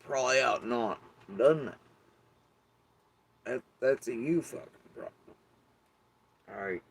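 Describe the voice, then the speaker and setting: A middle-aged man delivers a casual, rambling monologue to his YouTube audience in a creaky, medium-pitched voice, speaking a little slowly. The low-quality recording has some hiss or hum, and he's wry and profane, meandering with fillers.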